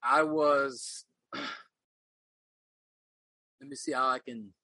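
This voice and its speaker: A man's voice: mid-range voice, fairly even intonation, extremely slow, sharp tone, dry recording, low-quality recording. A middle-aged man, a podcast guest, telling his life story in an earnest, reflective way, often repeating phrases as he searches for words. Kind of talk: casual interview storytelling.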